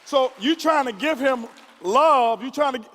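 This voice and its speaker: High-voiced man preaching in a hall. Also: measured pace, a bit bright, some chatter behind, a little hiss or hum. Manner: repeats words in stumbling restarts, preacher-like build-ups. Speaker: motivational speaker. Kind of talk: motivational speech to a conference audience. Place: large conference hall. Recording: long hall reverb from a live event.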